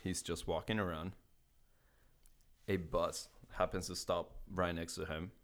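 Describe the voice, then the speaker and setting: Young man from California with a low voice, casual podcast storyteller who swears a lot and acts out the voices of the people in his story. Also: little pitch movement, measured pace. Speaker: guest telling a travel story.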